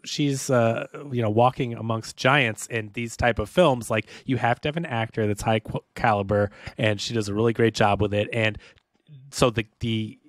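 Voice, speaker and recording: A man's voice: mid-range voice, fairly even intonation, dry recording. Man, host, dry close sound, eager, stops and restarts. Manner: enthusiastic, halting restarts. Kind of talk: casual conversation.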